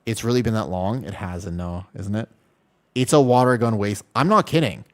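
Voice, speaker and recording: A man's voice: on the low side, normal speed. A man streaming a game live, chatting casually and animatedly with his viewers, with keyboard typing behind him. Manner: chatty, animated, talks to chat by name. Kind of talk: casual live-stream chat while gaming.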